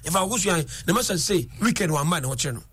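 A middle-aged Ghanaian man in a casual discussion, telling animated stories and switching between English and Twi. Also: high voice, quick pace, breathy edge, no room sound.

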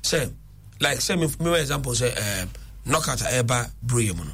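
A man's voice: medium pitch, lively intonation, normal speed, fairly bright tone, slightly rough. A man, rambling in a casual discussion and switching between languages. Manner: rambling, restarts and code-switching.

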